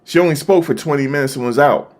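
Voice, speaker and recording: A man hosting a live stream, talking casually and excitedly to his viewers, repeating himself as he reacts. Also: medium pitch, fast. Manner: animated, repetitive, talking to chat viewers. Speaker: livestream host. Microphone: desktop USB microphone.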